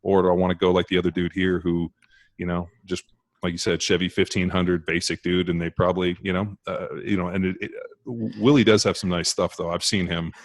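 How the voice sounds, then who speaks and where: A man with a very low voice rattles through stories at a quick clip, swearing freely in casual podcast talk. His voice sits close and dry, with no room around it. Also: flat delivery, no echo. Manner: profane, rapid storytelling. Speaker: former pro football player, podcast guest.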